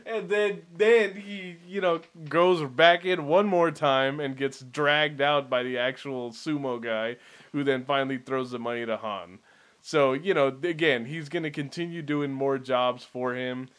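A man's voice: medium pitch, a little slow. Easygoing man recapping a film. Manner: relaxed storyteller, many fillers like "you know". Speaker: podcast co-host. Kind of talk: casual movie recap chat.

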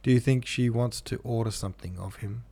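A man's voice: medium pitch, a little fast, dark tone, husky. A man reading the lines of a prim small-town woman who gossips indignantly about a neighbour. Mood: gossiping.

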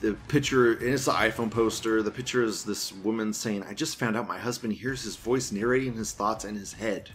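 A man's voice: on the low side, a little fast, hardly any pauses, a bit bright. A man hosting a commentary show, reading viewer comments aloud and reacting in a crude, mocking way with frequent laughter. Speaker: host of a news commentary show.

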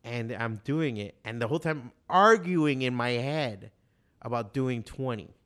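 Smooth-voiced man telling animated stories. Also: medium pitch, normal speed. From Miami, USA. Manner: animated storytelling, heavy swearing, quotes others in voices. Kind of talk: casual chat.

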